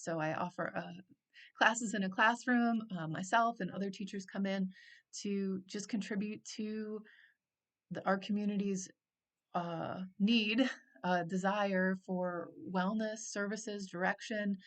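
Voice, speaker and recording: A middle-aged woman wellness coach in a heartfelt, rambling monologue full of fillers, emotional at times. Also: mid-range voice. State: emotional, near tears at times. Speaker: wellness coach and channel host. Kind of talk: casual reflective monologue.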